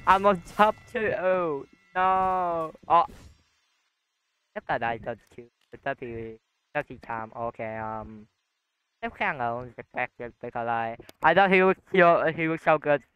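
Clean and free of room sound, this young man's fairly high voice is pushed and bright, yet his pace is unhurried. He gives rambling gameplay commentary heavy on fillers, trash-talking opponents and yelping suddenly when struck.

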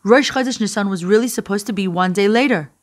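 A wise old rabbi speaks with gentle kindness, voiced by a woman reading a storybook aloud. His words are calm and patient, sitting close to her own natural voice. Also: mid-range voice, fast talker, close to an everyday voice. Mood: earnest. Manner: gentle, kindly.

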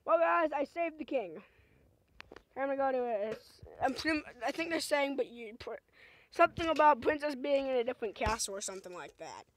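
Goofy young woman gaming, rather high voice. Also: expressive, fairly quick. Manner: goofy, talks to the game, shrieks when in danger. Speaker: gamer. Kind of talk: casual let's play commentary.

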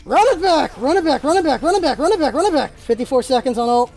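A high, bright-pitched voice commentating live gameplay, jumping into urgent callouts and cheers at teammates. Quiet music plays faintly underneath the talk. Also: vocal fry. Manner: excitable, rapid callouts to teammates. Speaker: gaming channel host.

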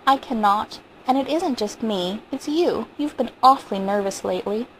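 A woman's voice: normal speed, slight background noise, close to an everyday voice, rough recording. A woman reading aloud, voicing an anxious, frightened wife with a tense, pleading manner. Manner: tense, pleading, high-strung. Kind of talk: audiobook reading.

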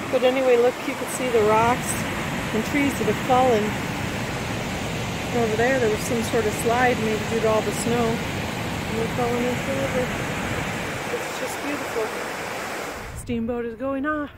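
High-voiced chatty woman vlogger. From Arizona, USA. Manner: enthusiastic, chatty, talks to viewers directly. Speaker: RV travel vlogger. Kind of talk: casual travel vlog narration. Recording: loud vehicle and outdoor noise behind voice.

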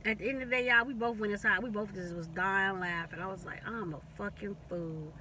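Woman vlogger, bright voice, chatty storyteller who repeats herself and swears, a bit off-mic with faint traffic. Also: mid-range voice, quick pace, recorded from a distance. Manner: animated, repetitive, profane, laughing storyteller. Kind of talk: casual storytelling.

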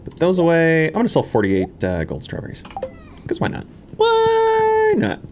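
A man's voice: fairly high pitch, very animated, a little fast, background noise. A man giving live let's-play commentary, playful and full of silly sound-effect noises while he chats to the game characters. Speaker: gaming video creator. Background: game background music.

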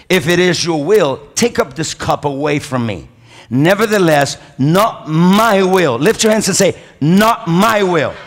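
A man's voice: high-pitched, a bit bright. Man preaching in a reverberant church hall. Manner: preaching, calls for amens and praise; non-native phrasing, pauses and restarts. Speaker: pastor. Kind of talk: sermon.

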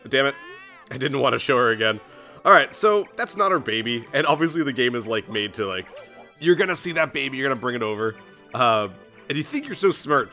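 A young man hosting a let's play, giving jokey, excitable commentary on his gameplay. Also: a little fast, soft background music. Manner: jokey, excitable, jumps into squeaky put-on voices.

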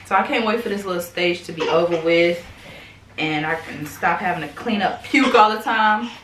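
Her voice sits on the low side, fairly bright, at a normal speed as this US vlogger mom catches viewers up from home. She's chatty and addresses her baby between comments, recorded on a roomy, distant-sounding mic with faint ambience and slight background noise.

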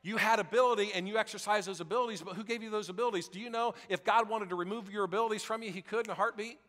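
A man's voice: high-pitched, very fast, fairly bright tone, big-room sound. A male pastor preaching a sermon in an emphatic, repetitive way, leading the congregation in call-and-repeat.

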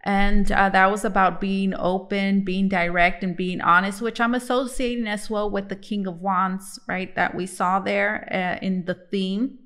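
A woman's voice: mid-range voice, level tone, a little slow, hardly any pauses, fairly bright tone, smooth. Chatty woman reading tarot. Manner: chatty, many fillers and restarts. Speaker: tarot reader. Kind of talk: casual tarot reading to camera.

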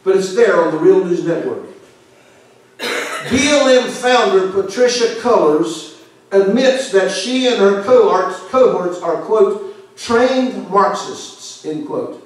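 High-voiced preacher man in an echoey church. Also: animated, takes it slowly. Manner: emphatic, forceful preaching with sudden drops in volume. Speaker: pastor. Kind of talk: fiery sermon. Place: church sanctuary. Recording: echoey church hall from far off.

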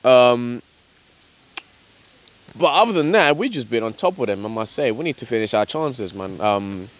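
Excitable young man commenting on his football team. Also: medium pitch, moderate pace. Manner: excitable, partisan, casual slang. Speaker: club commentator. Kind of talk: fan match commentary. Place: outdoors at a football pitch. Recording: loud crowd around the mic. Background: crowd noise.

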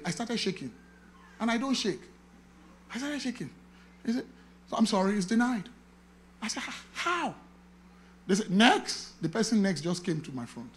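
A man preaching a sermon, his voice pitched very high and bright. He tells his story by acting out the conversations, over a faint hiss of background noise. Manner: animated storytelling, acting out dialogue, chanting affirmations. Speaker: pastor. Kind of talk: sermon testimony.

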